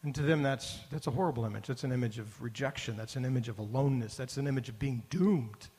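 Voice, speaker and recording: A man's voice: mid-range voice, fast, dark tone, husky. A man preaching a sermon as pastor, earnest and building to emphatic repeated phrases. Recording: long hall reverb.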